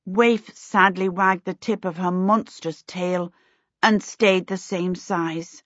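Brief: woman audiobook narrator, measured and expressive, dry booth sound. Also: on the low side, no echo. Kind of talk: scripted storybook narration. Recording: dry, slightly dull recording.

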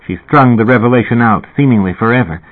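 A man reading a first-person novel aloud in a measured, dry storytelling manner. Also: medium pitch. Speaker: audiobook reader. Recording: tinny phone-like audio.

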